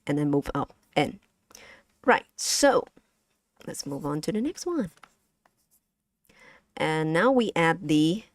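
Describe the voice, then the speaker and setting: A low-voiced woman, to the language, running a live-stream pronunciation lesson. She speaks slowly and haltingly, repeating words and giggling, and the sound is close and dry. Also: no echo. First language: Vietnamese. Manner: hesitant, restarts words, giggles often.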